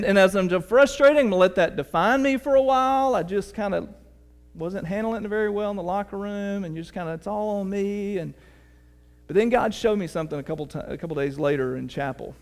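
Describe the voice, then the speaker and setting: Middle-aged pastor guy, high voice, chatty sermon, echo trailing off in a big church. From United States. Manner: conversational storytelling, asks the congregation questions. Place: church sanctuary. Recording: long reverb of a church hall.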